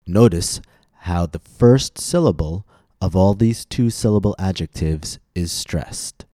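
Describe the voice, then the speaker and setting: A male pronunciation teacher with a deep, mellow voice talks slowly and deliberately. He leans hard on stressed syllables in his example words. The recording is dry and close. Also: dry recording. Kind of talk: scripted pronunciation lesson.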